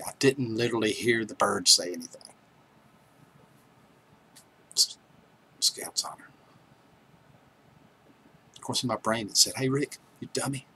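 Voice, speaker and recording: Guy rambling on his stream, low-ish voice, kinda bright, bit of hiss behind. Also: unhurried, pauses often, rough recording. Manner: chatty, joking, reads viewer names aloud. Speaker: livestream host. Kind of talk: casual chat with live viewers.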